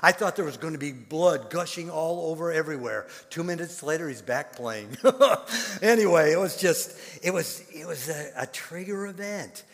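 An older man preaching a sermon in an animated storytelling manner, repeating words and breaking into sudden loud bursts. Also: on the high side, moderate pace, big-room sound. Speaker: pastor.

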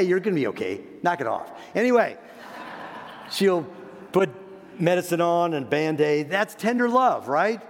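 An older man, a grandparent, giving an earnest sermon on parenting, repeating words and slowing down for emphasis. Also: fairly high pitch. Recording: long echoey hall reverb.

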